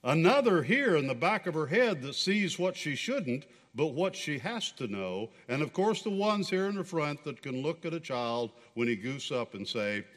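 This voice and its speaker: A man voicing God the Creator, patient and tender, in calm, earnest storytelling, in a reverberant church hall. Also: on the high side, moderate pace, few pauses.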